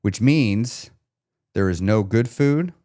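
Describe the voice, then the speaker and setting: A man's voice: on the low side, lively intonation, slow pace, mellow. A man coaching viewers on a live stream, speaking emphatically, repeating key questions and checking in with his audience. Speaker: weight loss coach.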